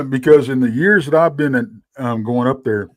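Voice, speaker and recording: A man's voice: medium pitch, expressive, normal speed, no echo. A tired man, a regular on a live show, telling rambling stories in casual chat with lots of restarts. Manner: rambling storyteller with many restarts. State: tired, yawning late at night. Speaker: regular panelist.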